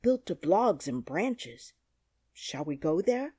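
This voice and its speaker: Gentle male scarecrow, voiced by a woman, slow and deliberate, warm husky tone, dry close sound. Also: lowish voice, very animated, no echo, heavily acted. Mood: helpful. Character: kindly male scarecrow, thoughtful and patient. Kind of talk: audiobook character reading.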